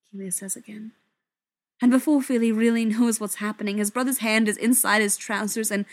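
Soft-spoken woman reading a story. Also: a little high, steady tone, a little fast. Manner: soft, often dropping to a whisper. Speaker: story reader.

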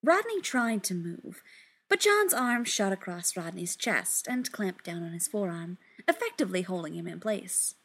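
A woman reading a story aloud in an unhurried, expressive way. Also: medium pitch, slightly rough. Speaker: audiobook reader. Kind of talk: fan fiction reading.

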